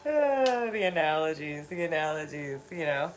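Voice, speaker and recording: A woman's voice: low voice, big pitch swings, moderate pace, soft background music, low-quality recording. A woman talking casually on a live stream, answering viewer comments in an earnest, encouraging way, laughing often and repeating phrases for emphasis. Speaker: spiritual self-help live streamer.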